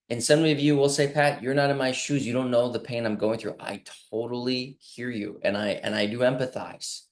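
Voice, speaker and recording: An earnest man talks through his view of healing in a reflective monologue. He often slips into quoted voices of the body or of people and stretches key phrases slowly for emphasis. His pitch sits in the middle for a man. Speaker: clinic health speaker.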